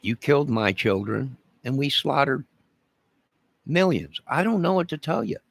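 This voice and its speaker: Gravelly man on a menacing rant. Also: medium pitch, very animated, no room sound. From Chicago. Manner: menacing, repetitive, slow deliberate emphasis. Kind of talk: rambling direct-to-camera rant.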